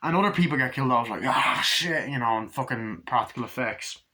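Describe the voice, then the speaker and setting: A man giving a casual, rambling movie review, excitable and full of profanity. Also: mid-range voice, fast, slight background noise.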